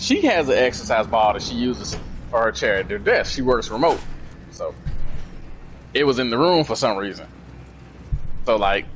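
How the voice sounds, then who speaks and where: A man tells a long story as co-host of a casual podcast. His voice climbs and dips with big swings when he acts out what others said. He curses freely and keeps the talk loose, with a mid-range pitch. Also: slight background noise. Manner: animated, swears freely, acts out quoted dialogue.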